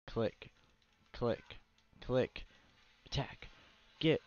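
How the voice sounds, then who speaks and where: A man's voice: mid-range voice, expressive, very slow, pauses often, darkish tone. Tired, profane young man gaming. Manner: profane, ranting, blunt. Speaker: gaming channel host. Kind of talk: casual let's play commentary. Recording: dry, dull lo-fi mic.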